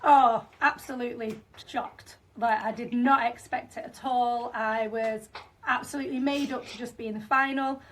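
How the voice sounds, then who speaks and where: A woman's voice: on the high side, fairly even intonation, moderate pace, slight background noise. Northern English woman, 30s, podcast guest; talkative, full of fillers, slightly distant from the mic. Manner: chatty, many fillers and restarts. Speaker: franchisee guest. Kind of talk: podcast interview.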